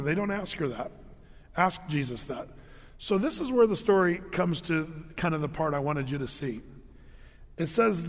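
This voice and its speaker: A male pastor preaching in a church sanctuary, his voice pitched fairly high. He tells his story with animation, restarting sentences, laughing and acting out the people in it. A long reverb rings through the hall behind every phrase. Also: expressive, brisk. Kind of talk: sermon.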